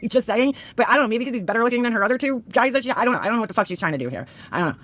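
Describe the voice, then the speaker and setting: A woman's voice: on the high side, animated, very fast, a bit bright, dry recording. A woman doing blunt, sarcastic drama commentary, swearing a lot as she mocks someone online. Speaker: commentary streamer.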